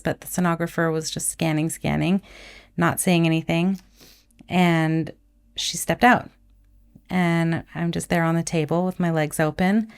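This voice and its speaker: Woman, podcast guest, nurse; low gravelly voice, candid and reflective. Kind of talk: casual conversation.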